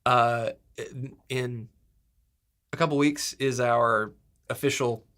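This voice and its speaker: A man in his thirties with a stuffy nose, co-hosting a guitar shop livestream in a relaxed, rambling way. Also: medium pitch, takes it slowly. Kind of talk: casual chat.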